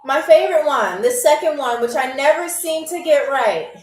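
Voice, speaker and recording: A woman with a high voice hosts a live game show, teasing her players in a chatty, playful way. She sits back from the mic in an echoey room, with faint music underneath. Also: expressive, normal speed, far from the mic. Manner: chatty, teasing, laughs often. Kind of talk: playful livestream hosting.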